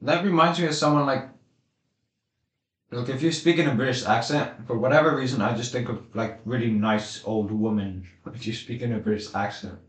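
A man's voice: mid-range voice, steady tone, a little fast. A teenage boy co-hosting a casual podcast chat, talking offhandedly with blunt remarks. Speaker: podcast co-host. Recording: echoey room.

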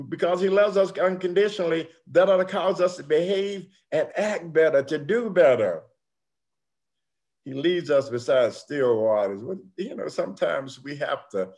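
An older man preaching a sermon, swinging dramatically from hushed, slow passages to loud ones. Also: mid-range voice. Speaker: pastor.

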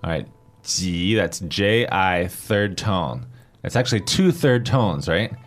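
A man's voice: sits low, animated, slow. A man hosting a language lesson who patiently explains grammar and spells out pinyin letter by letter.

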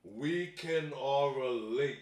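A man of Barbadian and Jamaican background chatting casually as a comedian and co-host, telling profane, animated stories with lots of restarts. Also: medium pitch, slow pace, roomy sound. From Barbados and Jamaica heritage. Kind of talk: casual chat.

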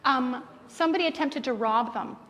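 Give me a high-voiced woman preaching warmly with stories, in a reverberant church hall. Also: moderate pace. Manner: animated storyteller acting out family quotes. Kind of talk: sermon with personal stories. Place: church sanctuary. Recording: reverberant church hall, faint room noise.

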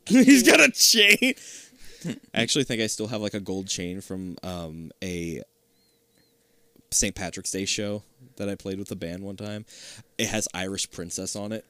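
A man's voice: low-pitched, fairly even intonation, normal speed, fairly bright tone, clean tone, no room sound. A man co-hosting a casual podcast, retelling a movie plot with lots of laughing and swearing. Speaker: podcast co-host.

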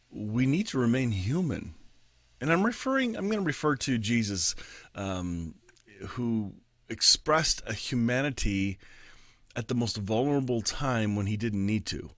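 Earnest low-voiced male pastor. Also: fairly bright tone, dry recording. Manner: conversational and earnest, with frequent pauses and ums. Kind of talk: reflective faith talk.

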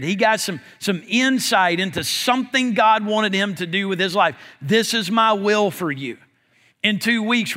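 Bright high-voiced preacher in a reverberant hall. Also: male voice. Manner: conversational preaching, often says "man". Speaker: pastor. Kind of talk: sermon. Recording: long reverb of a church hall.

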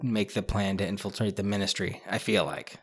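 A man with a fairly low voice talks through a book in loose, casual chat. He rambles and restarts often, leaning on fillers, then lifts into animated bursts. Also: brisk, husky. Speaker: podcast co-host discussing a book.

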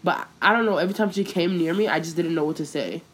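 A young woman co-hosting a casual chat, telling a story in lively slang with lots of swearing. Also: lowish voice, quick pace, breathy edge.

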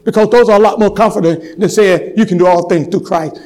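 A male pastor preaching a sermon in a church, moving from hushed, slow storytelling to loud, fervent preaching. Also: high voice, fairly even intonation, low-quality recording. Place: church sanctuary.

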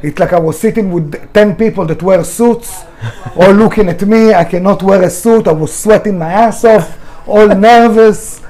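In an interview, a middle-aged man who started a restaurant recounts candid stories with blunt emotion and free swearing. He speaks at an ordinary pace in a high-pitched, warm voice.

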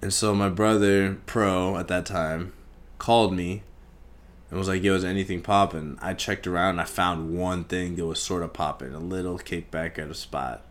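A young man hosting a podcast, telling a story in a casual, profane, animated way and acting out the scenes. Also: deep voice, normal speed. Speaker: podcast host.

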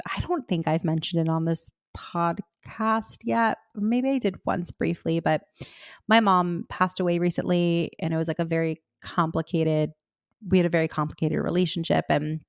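Chatty woman with a gravelly edge. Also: fairly low pitch, fairly even intonation, moderate pace, dry recording, studio quality. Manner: chatty, heavy use of "like", candid and emotional. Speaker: podcast host. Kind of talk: casual storytelling.

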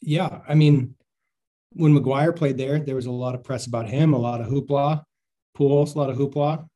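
A man's voice: mid-range voice, steady tone, warm tone. A man co-hosting a podcast, chatting easily about baseball, asking questions between fillers. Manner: easygoing, asks questions, drawn-out fillers. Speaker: podcast co-host. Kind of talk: casual chat about baseball.

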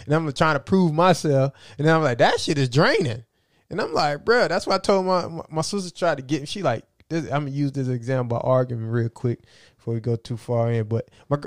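A man in casual conversation, telling animated, slangy stories and acting out his relatives' voices. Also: a little high, no echo, clean studio sound.

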